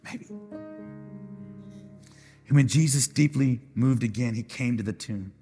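A man who is a pastor preaching a sermon with passion, swinging between loud declarations and soft, quiet asides. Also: mid-range voice, measured pace. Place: church sanctuary. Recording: live church hall with music behind.

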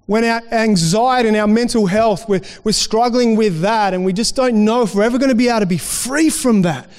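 A man with a high voice preaches to his congregation, chatty and loose, restarting phrases as he talks them through. His voice rings out with a long hall reverb behind it. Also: a little fast, few pauses, clear, resonant tone. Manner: conversational preaching with restarts and acted-out quotes. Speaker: pastor. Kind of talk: sermon.

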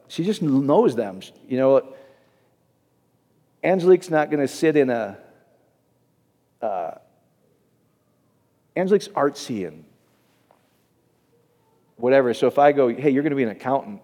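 A man preaching a sermon, animated and joking, acting out quoted voices for his congregation. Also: on the high side, in a large hall. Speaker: pastor.

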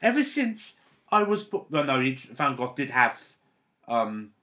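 Bright-voiced man telling a story. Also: medium pitch, sing-song. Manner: storytelling, halting and emotional. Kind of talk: casual chat.

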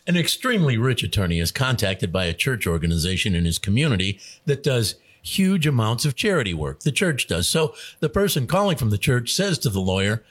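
A man hosting a radio show, telling jokes in a casual, chuckling way. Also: mid-range voice. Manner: animated joke-telling with voices and chuckles. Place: radio studio.

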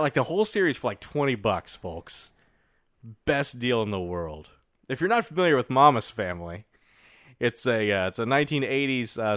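In studio-quality audio with no room sound, a man with a mid-range, slightly bright voice co-hosts a podcast. He keeps it casual, joking around and laughing often.

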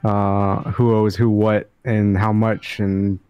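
A man's voice: fairly low pitch, level tone, slow, dark tone, clean tone, muffled recording, faint music behind. A man playing in a tabletop game, casually declaring what his character does. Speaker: player.

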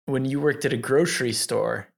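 A man with a strongly gravelly, fry-heavy voice chats as a podcast co-host. He stumbles over repeated words and laughs readily. His pitch sits mid-range. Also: normal speed. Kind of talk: casual interview chat.

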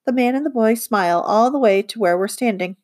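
A woman narrating a children's audiobook in the first person, with lively, girlish storytelling. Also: a little high, fairly quick. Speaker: audiobook reader.

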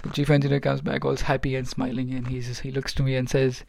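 A ship's engineer tells stories from aboard his vessel in a casual vlog, rambling with lots of fillers and restarts. His mid-range voice is gravelly and a little mellow, delivered completely flat and a bit fast, in a dry recording.

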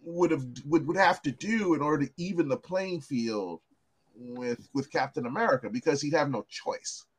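A man co-hosting a podcast in casual chat, animated and swearing freely, often repeating words. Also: on the high side, normal speed, slightly rough. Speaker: podcast co-host.

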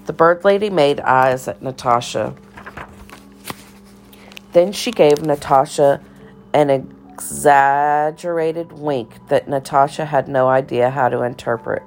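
Low, gravelly woman narrating a storybook. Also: slow, darkish tone, faint music behind. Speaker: audiobook narrator.

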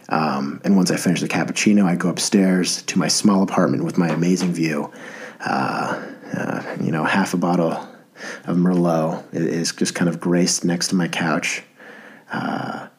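This low-voiced podcast host, a man in his thirties with a breathy edge, rambles through a casual monologue in an eager, self-mocking manner.

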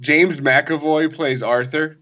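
A man's voice: a little high, fairly even intonation, slow, pushed and bright. A man in casual chat, laid-back and slangy, trading opinions on movies.

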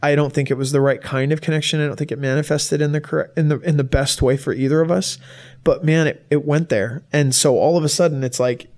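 A young adult man giving a personal testimony to an audience, halting and emotional, with many restarts. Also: on the high side, steady tone, a little mellow. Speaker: guest speaker.

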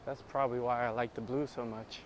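A man's voice: mid-range voice, flat delivery, fairly quick, background noise. Profane rambling man talking in a car. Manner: profane, rambling, scats and sings improvised blues. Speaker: podcast host. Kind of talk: casual solo podcast rant.

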